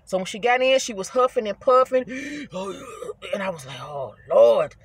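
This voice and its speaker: A woman's voice: fairly high pitch, fast, no echo. Chatty woman in her fifties. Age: 50s. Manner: chatty, animated, addresses viewers as y'all. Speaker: rideshare driver vlogger. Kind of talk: casual storytelling vlog. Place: inside her car.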